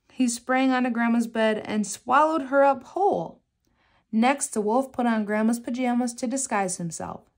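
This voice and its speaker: A woman reading a children's picture book aloud in a gentle, measured storytelling manner. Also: a little high.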